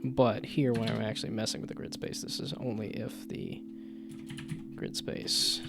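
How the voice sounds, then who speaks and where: A fairly low, creaky male voice with little pitch movement and normal speed comes through a very noisy recording. While coding a game on a VTuber live stream, he talks casually, thinks out loud, adds playful asides and mutters checks to himself. Guitar music plays in the background, and the desk mic captures loud keyboard clicks.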